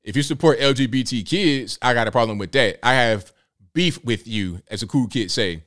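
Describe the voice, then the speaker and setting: A man's voice: medium pitch, moderate pace, fairly bright tone. A man hosting a live show, reacting to clips with slangy jokes and frequent laughter. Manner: joking, slangy, laughs often. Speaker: host.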